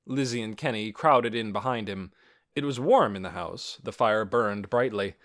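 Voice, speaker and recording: A man reading a children's storybook aloud in an expressive, animated way. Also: on the low side, normal speed. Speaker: audiobook narrator. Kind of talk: scripted storybook narration.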